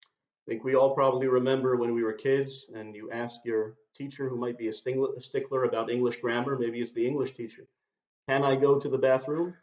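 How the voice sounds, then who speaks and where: A man delivering a sermon at an ordinary pitch, carefully unpacking Hebrew words and quoting verses. The recording is slightly muffled, with a roomy echo around his voice. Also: flat delivery, a little fast, a little mellow. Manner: explanatory, quotes and translates Hebrew verses.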